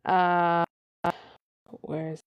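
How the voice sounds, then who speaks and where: Slow-talking giggly woman streamer. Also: lowish voice, flat delivery, smooth, no room sound, highs cut off. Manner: giggly, breaks into frequent laughter. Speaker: live-stream host reading online posts. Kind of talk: casual reading with live commentary.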